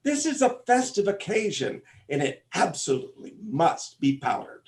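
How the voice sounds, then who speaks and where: A pompous, fussing father of the bride, played by a man on stage. His slightly high voice rises and falls in lively, theatrical sweeps. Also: moderate pace. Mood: fussy. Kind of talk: stage comic opera acting.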